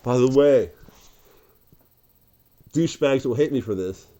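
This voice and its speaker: A man's voice: medium pitch, expressive, a little slow, warm tone, no echo, muffled recording. A man rambling casually to camera as a vlogger, laughing often and calling the listener dude and man.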